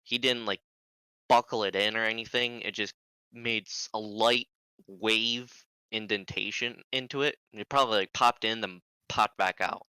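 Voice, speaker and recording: A young man who is a podcast guest, telling a story in animated casual talk and swearing freely. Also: lowish voice, moderate pace, smooth, no echo, low-quality recording.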